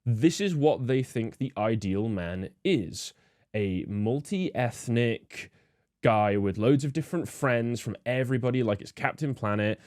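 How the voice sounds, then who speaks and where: A man's voice: medium pitch, lively intonation, measured pace, a little mellow, no room sound, studio quality. Disdainful man ranting. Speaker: host. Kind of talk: political commentary.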